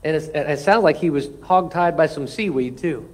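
A man with a high voice preaching a sermon. He reads scripture with rising intensity and slips into folksy, joking asides between the verses. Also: normal speed. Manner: animated preaching, rising in pitch and force when reading scripture aloud. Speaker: pastor.

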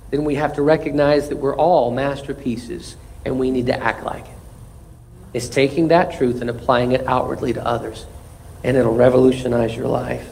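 A man's voice: high-pitched, rough recording. A man pastor preaching a sermon in church, emphatic, repeating phrases and restarting words. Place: church sanctuary.

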